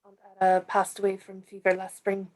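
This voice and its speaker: A composed young woman who runs a cinema answers in flat, guarded phrases that give nothing away, read by a woman at a script reading. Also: medium pitch, brisk, close to an everyday voice. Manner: terse, flat, careful answers.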